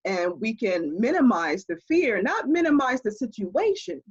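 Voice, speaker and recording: Woman expert guest, husky voice with lively pitch, explaining over a dull video call line. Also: normal speed. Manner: animated, explanatory, laughs often. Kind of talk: conversational interview.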